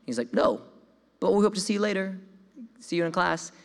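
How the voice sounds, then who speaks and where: Young man telling a lively testimony. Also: sits high, fairly quick, vocal fry. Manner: animated storytelling, voices his own quoted thoughts; repeats words when excited. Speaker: speaker giving a testimony. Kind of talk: sermon testimony. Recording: long hall reverb.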